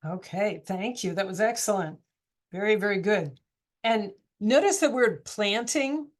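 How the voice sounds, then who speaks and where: A woman teacher leads a relaxed online class, talking through questions in an easygoing, encouraging way. Her voice sits at an ordinary middle pitch, and she keeps the discussion moving by asking her students things. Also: measured pace. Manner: chatty, encouraging, asks questions.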